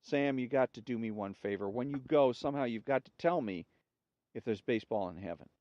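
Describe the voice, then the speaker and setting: A man's voice: medium pitch, a little fast, dry recording, lightly acted. Ninety-year-old man, man reading, earnest pleading, lo-fi.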